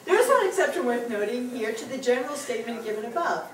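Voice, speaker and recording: A woman teaching a small class, quick to laugh and encouraging her students as they read aloud. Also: fairly high pitch, animated, a little hiss or hum. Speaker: Hebrew teacher. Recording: roomy classroom from far off.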